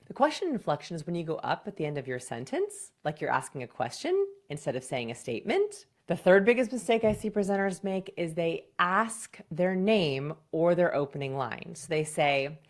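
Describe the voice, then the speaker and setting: A woman's voice: on the low side, very animated. A woman communication coach giving direct, punchy presentation advice in a scripted video. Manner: direct, punchy advice with quick acted examples.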